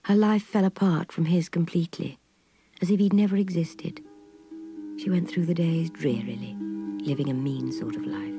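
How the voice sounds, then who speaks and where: A woman reading a novel aloud, expressive and soft, voicing a troubled young lady. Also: on the low side, moderate pace, soft background music. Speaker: narrator. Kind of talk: audiobook reading.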